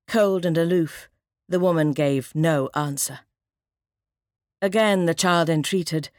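A woman narrating an audiobook in a measured, dramatic reading. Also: fairly low pitch, dry recording, clean studio sound.

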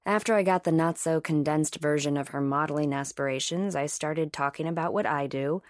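A woman's voice: low voice, a little fast, dry recording, natural voice. Awkward, dry young male scientist, voiced by a woman narrator. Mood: reserved.

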